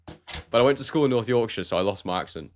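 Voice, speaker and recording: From a warm room at home, a man from Scotland hosts a relaxed live stream about boxing, reading out viewer comments and calling people mate. His accent is neutral southern English with no regional trace. He talks fast at medium pitch, with a little hiss or hum on the audio.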